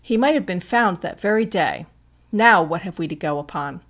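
A woman voicing a calm, shrewd young society girl detective who asks gentle, probing questions. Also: on the low side, moderate pace. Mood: brisk.

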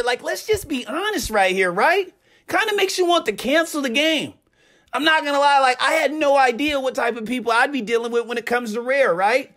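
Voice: high voice, normal speed, fairly bright tone. A young adult streamer giving indignant reaction commentary, ranting and repeating rhetorical questions.

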